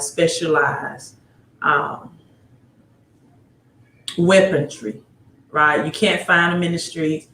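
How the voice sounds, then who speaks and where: A woman's voice: lowish voice, a bit bright, slight background noise. Rambling woman livestreaming in an echoey room. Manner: rambling, greets viewers by name, asks rhetorical questions. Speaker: livestream host giving financial advice. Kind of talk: casual livestream talk. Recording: roomy echo.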